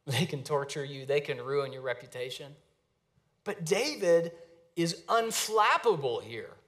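A man in his thirties preaching a sermon in a conversational, storytelling way with lively asides. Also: on the high side, a little slow. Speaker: pastor.

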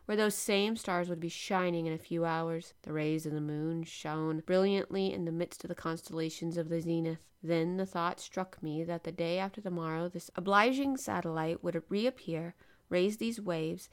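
Woman host, lower-pitched voice, animated read-aloud of a classic novel. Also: normal speed, clean tone. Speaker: podcast host and reader.

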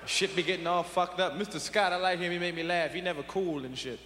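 A man's voice: high-pitched, steady tone, quick pace. A young man doing profane stand-up comedy on a large arena stage, jumping into voices and impressions. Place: large arena stage before a live audience. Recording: echoey arena with loud crowd noise.

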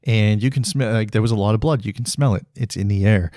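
A man in his thirties talks alone into the mic in a low, soft-edged voice with a mellow tone. He sounds blunt and frustrated, swearing often and stopping to restart his sentences. The sound is dry and close, with no room around it. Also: fast talker, no echo. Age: 30s. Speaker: podcast host. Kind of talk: solo podcast monologue.

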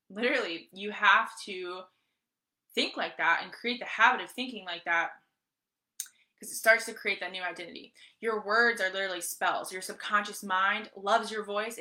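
A woman giving a live motivational training talk as a mindset coach. She talks with energy, repeats herself, and keeps checking in with her listeners. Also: mid-range voice. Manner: energetic, repetitive, often asks "right?" and says "guys".

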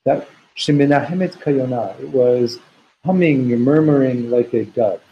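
A man leading a text study class. He translates Hebrew and Aramaic phrases line by line and slows down to quote verses. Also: mid-range voice, muffled recording, a little hiss or hum. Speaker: teacher.

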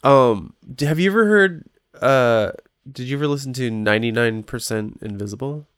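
Male podcast host, curious, easy laugh; smooth voice, dry room. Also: medium pitch, lively intonation, normal speed, a bit bright, no echo. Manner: laughs often, curious questions. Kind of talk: casual chat.

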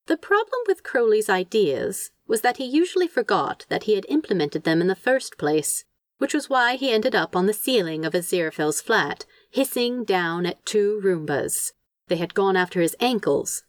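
A woman narrating a fan fiction story aloud in an expressive, lively storytelling manner. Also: lowish voice, moderate pace, no room sound. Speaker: podfic narrator.

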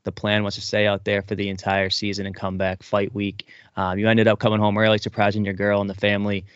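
A man's voice: fairly low pitch, completely flat delivery, quick pace, smooth, no echo. A male host casually interviewing a fighter, laid-back and affirming. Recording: dry, dull lo-fi audio.

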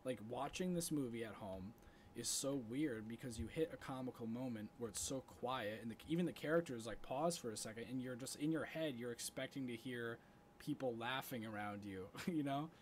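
Animated man on a casual podcast. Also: medium pitch, moderate pace, slight background noise. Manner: animated, gets louder when worked up. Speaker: podcast co-host. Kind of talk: casual chat.

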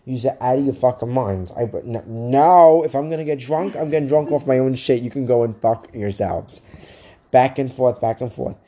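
A man co-hosting a podcast, telling a profane, animated story in casual chat. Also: medium pitch, moderate pace. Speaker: podcast co-host.

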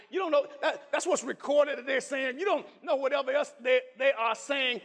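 A preacher man with a strikingly high voice delivers a fervent sermon, rising into shouts and hammering phrases over and over. His words ring out with a long reverb through a large church hall. He calls out to the congregation as he builds. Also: moderate pace, hardly any pauses. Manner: fervent preaching with shouts, repetition and call-outs.

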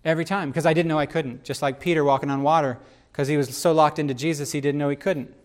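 A man hosting a casual faith discussion, talking in an animated, rambling way with frequent restarts. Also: on the high side, fast.

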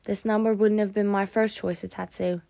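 A weakened but curious young male prisoner who keeps asking questions, as a woman reads him. The tone is gravelly and dry. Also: high-pitched, flat delivery, normal speed, dark tone, dry recording. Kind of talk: audiobook character voice.

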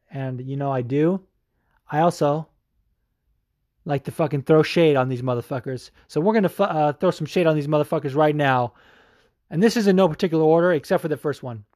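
A young adult man hosting a show, ranting with a profane, salty and animated delivery and frequent fillers. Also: on the high side, no echo, studio quality. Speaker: show host. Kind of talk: profane opinion rant.

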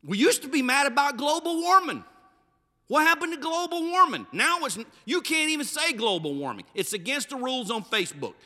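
Emphatic preacher with a bright high voice. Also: male voice, sing-song, fairly quick. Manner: emphatic preaching with sudden swings from loud to low. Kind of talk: sermon. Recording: reverberant hall.

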